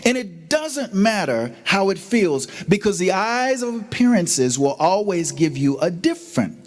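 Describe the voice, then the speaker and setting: A middle-aged man with a voice on the high side gives an inspirational sermon as a guest speaker. He tells his story dramatically, acting out the voices of the people in it.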